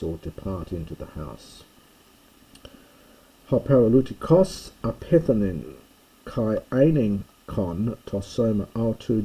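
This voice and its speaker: A man with a low, dark, husky voice works through a grammar lesson at an unhurried pace. He reads each sentence aloud, then translates and explains it patiently, step by step. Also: poor audio. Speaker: Greek teacher.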